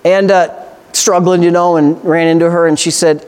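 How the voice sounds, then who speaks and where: A man's voice: a little high, flat delivery, normal speed, a little mellow, clear, resonant tone. A man, a pastor, preaching a sermon with passionate, repetitive emphasis.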